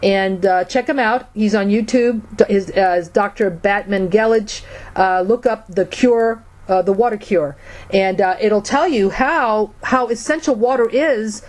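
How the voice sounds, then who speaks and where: A woman's voice: mid-range voice, unhurried, a little mellow. A woman guest on a radio show, speaking hesitantly with many fillers and restarts. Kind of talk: casual conversation.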